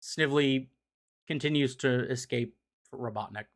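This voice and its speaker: A young man casually recaps comic-book issues for a livestream audience. His delivery rambles, with fillers and occasional swearing, in a mid-pitched everyday voice. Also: moderate pace. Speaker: streamer explaining comics.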